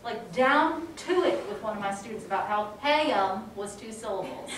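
A woman teaching a music education class in a casual, animated way, now and then singing short rhymes. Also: mid-range voice, moderate pace, a little hiss or hum. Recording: echoey room, mic from a distance.

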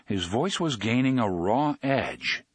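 A man narrating an audiobook in an expressive, dramatic reading. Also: mid-range voice, takes it slowly, breathy edge, no echo.

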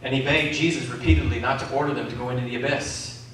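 Preacher in an echoey hall, from afar. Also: male voice, medium pitch, steady tone, quick pace, fairly bright tone, far from the mic, a little hiss or hum. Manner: calls out questions to the congregation. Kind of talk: sermon. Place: community centre hall.

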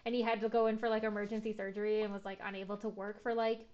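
A woman's voice: medium pitch, little pitch movement, rapid-fire, darkish tone, muffled recording. A young woman streaming a game, chatting casually, full of filler words and jokey asides. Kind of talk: casual let's-play commentary.

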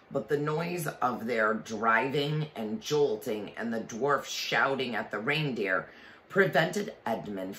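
A man reading a children's storybook aloud with expression, pausing to explain the story to listeners. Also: mid-range voice, bright, forceful tone, a little hiss or hum. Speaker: reader.

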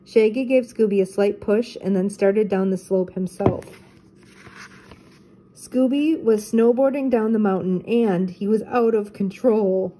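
An older woman, a teacher, reading a children's storybook aloud in a steady, clear way. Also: medium pitch, a little slow, a little hiss or hum.

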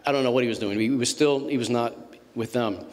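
A man's voice: mid-range voice, fast talker, slight background noise. Man in his fifties telling stories in a hall. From Massachusetts. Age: 50s. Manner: animated anecdotal storytelling, restarts. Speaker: author speaking at a book event. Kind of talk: storytelling talk to an audience. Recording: reverberant hall.

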